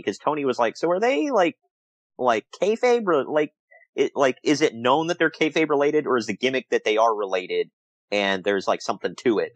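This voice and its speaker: Animated man recapping with dry sound. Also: mid-range voice, no echo, poor audio. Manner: laughs often, animated retelling with quoted asides. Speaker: podcast co-host recapping wrestling. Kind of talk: casual chat.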